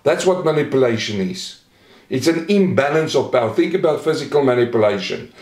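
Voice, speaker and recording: A man preaching a Bible study sermon as pastor, earnest, slowing down to stress the scripture he quotes. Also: medium pitch, expressive, a little mellow. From Australia. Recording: echoey room.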